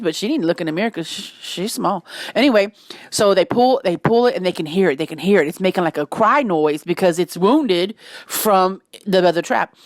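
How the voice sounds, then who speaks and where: A woman's voice: mid-range voice, no echo, clean studio sound. A woman with a Cajun accent telling a wild home story in casual Southern speech, with sudden shrieks and laughter. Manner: animated, breaks into shrieks and laughter.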